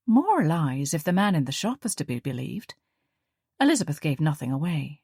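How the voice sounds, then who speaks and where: Woman audiobook narrator, low-ish voice, dry close studio sound, measured. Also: very animated, darkish tone, breathy edge, no echo. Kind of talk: scripted narration.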